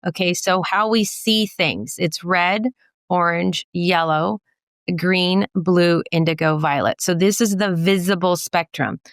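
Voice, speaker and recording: An optometrist and professor giving a guest lecture, a woman explains eye health like a teacher who loves a good joke, playful and clear, tossing in quick asides and puns. Her voice is low, smooth, and resonant, recorded dry and close with no room sound.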